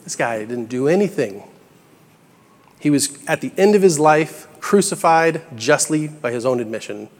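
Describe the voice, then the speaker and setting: A man's voice: a little high, expressive, moderate pace. A young adult man preaching a sermon in a church, talking in an earnest, conversational way that builds to bursts of emphasis. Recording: echoey hall with long reverb.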